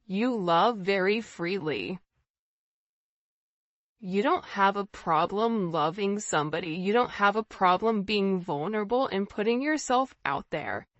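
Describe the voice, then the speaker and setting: Female tarot reader, unhurried and earnest, direct to camera, dry and slightly muffled sound. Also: mid-range voice, lively intonation, dry recording. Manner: intuitive, repetitive, earnest, talks straight to the viewer. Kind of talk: casual tarot reading to camera.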